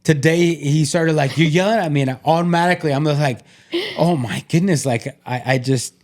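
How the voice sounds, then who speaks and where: A man's voice: a little high, a little fast. A man co-hosting a podcast, talking earnestly and openly, full of "like" fillers and restarts. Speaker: podcast co-host. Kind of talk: candid conversational podcast.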